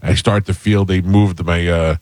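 A man with a very low voice tells a rambling personal story to his co-hosts, casual and self-deprecating. The sound is dry and close, with no room around it. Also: normal speed, no echo. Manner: rambling, animated anecdote with self-deprecating humor. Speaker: podcast host.

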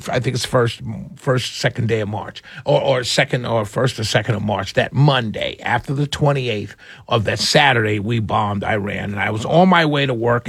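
A man's voice: mid-range voice, vocal fry, a bit bright, slightly rough, dry recording, studio quality. A man hosting a talk radio show, delivering an emphatic political monologue that repeats points and lectures his listeners.

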